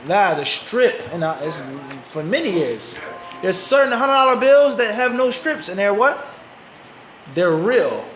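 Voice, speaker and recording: A high-pitched, sing-song voice belongs to an American-accented Islamic teacher from Philadelphia addressing a live audience. He is a little slow and fairly bright in tone, and he often raises rhetorical questions only to answer them himself. The rough recording sits in an echoey room.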